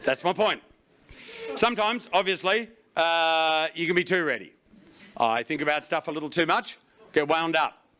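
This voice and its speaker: A middle-aged man performing a stand-up comedy routine on stage, breaking into loud shouted bursts. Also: a little high, normal speed, a little hiss or hum. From Australia. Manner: swings into loud shouted bursts for acted panic. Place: stage before a laughing audience.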